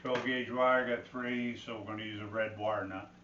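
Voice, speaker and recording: A man's voice: lowish voice, fairly even intonation, moderate pace, a bit bright, slight background noise. A man co-hosting a home remodeling video, explaining electrical work in a plainspoken, casual way. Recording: echoey, dull room sound.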